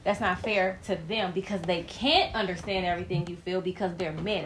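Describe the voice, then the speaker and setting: A woman's voice: fairly low pitch, steady tone, brisk, a little hiss or hum. A woman co-hosting a podcast, speaking candidly and reflectively in casual chat. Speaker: podcast co-host.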